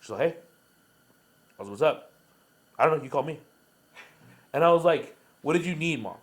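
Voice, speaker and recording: A young man co-hosting a casual podcast. He tells stories fast and swears freely, with a voice pitched a little high for a man. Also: lively intonation. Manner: fast, profane storytelling. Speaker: podcast co-host. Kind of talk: casual chat.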